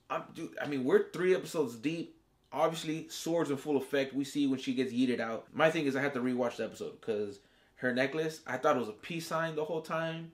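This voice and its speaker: A man's voice: medium pitch, brisk. Male host for a casual episode review, slangy and foul-mouthed, mid-range voice, acts out the characters' reactions.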